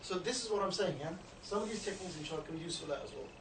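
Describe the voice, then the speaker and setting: A man giving an informal training talk to a group, chatty and often checking in with "you know" and "yeah?". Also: racing. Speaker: street outreach trainer. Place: indoor meeting room. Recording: low-quality recording, distant mic in an echoey room with background noise.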